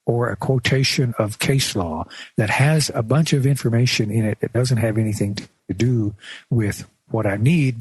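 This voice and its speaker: A man talks through a lesson on a radio show in a plain, measured way, now and then restarting a phrase. His voice has a husky edge, and the sound is dry and close with no room echo. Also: medium pitch. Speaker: radio show presenter teaching. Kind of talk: instructional radio talk.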